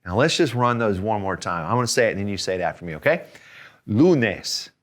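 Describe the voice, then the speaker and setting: A man teaching a video language lesson as a Spanish teacher, encouraging, repeating each word slowly so learners can say it after him. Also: lowish voice, animated, a bit bright.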